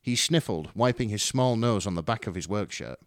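Man giving a lively story reading. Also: fairly low pitch, brisk, no echo, studio quality. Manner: dramatic, wry narration. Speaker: story reader. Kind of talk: expressive fan fiction reading.

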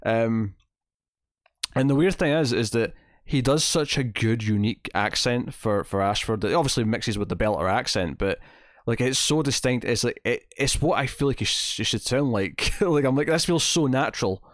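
A man's voice: medium pitch, moderate pace, dry recording, studio quality. Enthusiastic rambling male podcast host. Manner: enthusiastic, rambling, many restarts. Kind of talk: casual TV recap chat.

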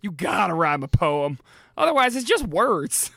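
A tabletop player speaking in character and joking with the group, quick to laugh. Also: mid-range voice, big pitch swings, creaky, a bit bright, no echo, clean studio sound.

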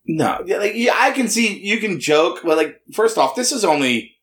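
A man's voice: sits high, moderate pace. A man co-hosting a podcast in casual chat, pressing questions and restarting his sentences. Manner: questioning, animated, interrupts with restarts. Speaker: podcast co-host.

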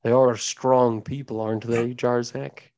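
In a slow, measured voice, a cold and ancient dragon queen, as a man puts her on for his tabletop game, delivers scornful threats to the creatures beneath her. Every word is drawn out and heavy with contempt. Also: medium pitch, little pitch movement, darkish tone, close to an everyday voice. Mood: menacing. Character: ancient scornful female dragon, coldly menacing.

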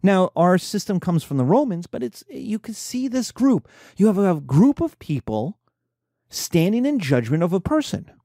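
A man's voice: high-pitched, moderate pace, no echo, studio quality. A man giving an informal lecture, telling stories and acting out the people in them. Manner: animated storytelling, acting out characters.

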